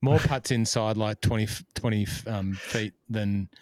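A low-voiced man talks golf on a podcast, recorded dry over a video call. He is chatty and easygoing, with a quick laugh, and he lingers on the gear. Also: a little mellow, no echo. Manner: chatty golf-equipment nerd, laughs easily. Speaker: podcast co-host. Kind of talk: casual chat on a video call.

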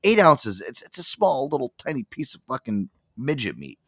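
A man's voice: medium pitch, big pitch swings, normal speed, fairly bright tone, dry recording, studio quality. A man hosting a radio show, telling a long story in a profane, rambling way with frequent restarts. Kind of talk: casual on-air rant.

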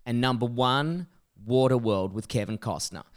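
A man's voice: medium pitch, moderate pace. A young Australian man co-hosting a podcast, brash and teasing with lots of swearing. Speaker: podcast co-host. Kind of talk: casual podcast banter.

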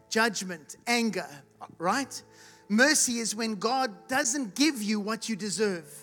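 A preacher giving a sermon to a live congregation, asking rhetorical questions and calling for responses, at times rising to loud shouts. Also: medium pitch. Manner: rises to loud shouts when acting out the blind man's cries. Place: church hall with live congregation.

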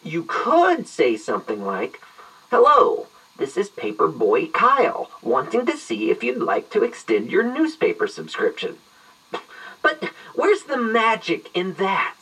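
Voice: mid-range voice, huge pitch swings, a little slow, a bit bright, slightly rough, heavily acted. Audio drama: actor as a pompous, wordy retired detective, swooping delivery, slightly distant mic. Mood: theatrical. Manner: long-winded, verbose and mock-grand. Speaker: detective on an answering machine greeting.

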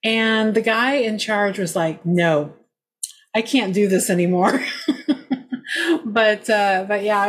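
A woman's voice: mid-range voice, breathy edge. A woman paranormal investigator telling a true ghost story in a casual, rambling way, with many fillers and frequent laughs.

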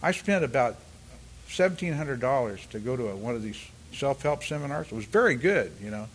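Sharing at a recovery meeting, an older man from California rambles haltingly, full of restarts and "you know," acting out the voices of people in his tale. His medium-pitched delivery is expressive, with slight background noise.

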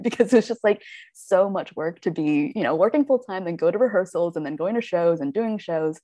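A woman's voice: on the low side, moderate pace, warm tone, no echo. A woman actor talking casually in a podcast interview, chatty with many fillers and quoted asides. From United States. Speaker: actor and web series creator.

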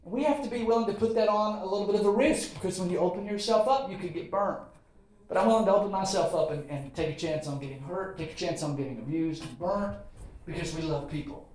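Male Southern pastor, high voice, folksy sermon with repeated lines and asides; roomy church echo. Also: darkish tone. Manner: folksy preaching, repeats phrases, quick asides and chuckles. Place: church sanctuary.

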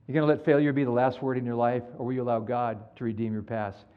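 A man preaching a sermon as pastor, animated and acting out the people in his stories. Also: mid-range voice, fast talker, smooth, phone-quality sound. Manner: animated storytelling, acts out quoted dialogue.

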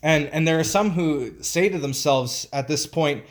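Preaching in a relaxed, emphatic way, this male pastor speaks with a slightly high voice. He often stops mid-thought to hunt for his words.

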